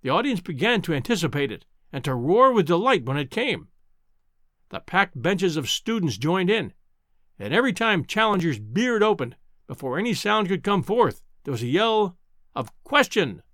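Expressive male audiobook narrator. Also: sits high, no room sound, studio quality. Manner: measured, expressive reading. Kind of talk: audiobook storytelling.

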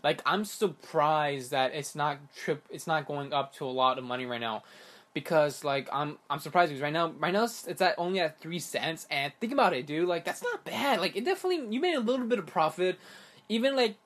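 A young man vlogging casually about crypto, animated and exasperated, rambling with many restarts. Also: on the high side, fairly quick. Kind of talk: casual ranting monologue.

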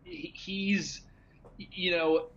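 A man co-hosting a podcast in casual talk, speaking haltingly with many restarts. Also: high voice, sing-song, a bit bright, lo-fi sound. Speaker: basketball podcast co-host.

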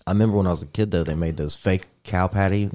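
A man's voice: low-pitched, quick pace, a little mellow. A man in casual chat, cracking crude, profane jokes in a rambling way.

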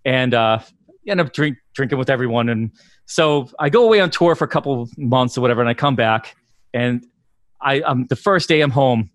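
A man's voice: mid-range voice, brisk, dry recording, clean studio sound. A man from the area, telling stories in a profane, rambling way on a casual podcast, laughing often. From Boston area, Massachusetts. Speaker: touring musician and podcast guest. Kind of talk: casual podcast chat, storytelling.

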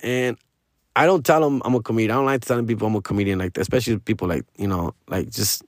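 A man's voice: fairly low pitch, fast, no room sound, clean studio sound. A man, telling a rambling comic story in a casual, slangy way. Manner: laid-back slangy rambling, peppered with 'dog' and 'fool'. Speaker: stand-up comedian.

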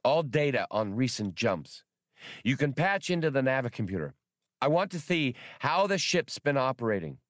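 A man voicing a squeaky, fussy male alien skip tracer in an audiobook reading. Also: sing-song, moderate pace, dry recording, close to an everyday voice. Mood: insistent. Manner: fussy and impatient. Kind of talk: audiobook character voice.

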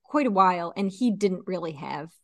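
A chatty woman co-hosting a podcast, rambling loosely with lots of fillers and easy laughter. Her voice sits at a middling pitch. The sound is close and dry. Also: animated, moderate pace, fairly bright tone, dry recording. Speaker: podcast co-host. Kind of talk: casual chat.

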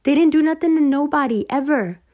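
A woman ranting to her followers, heated and sarcastic, swearing freely and at times rising almost to shouting. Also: high voice, a little fast. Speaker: online commentator.

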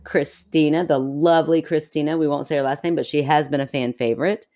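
A woman co-hosting a podcast in casual chat, teasing her co-host and reacting with quick jokes. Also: deep voice, fairly even intonation, dark tone.

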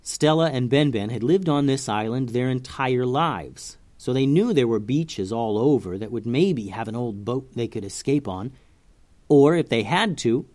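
A man reading a children's adventure story aloud with expressive narration. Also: mid-range voice.

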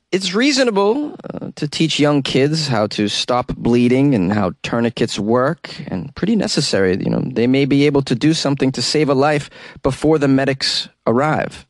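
A man's voice: medium pitch, no room sound, studio quality. A man hosting a radio talk show, reading news stories and adding wry, sarcastic asides in a casual way.

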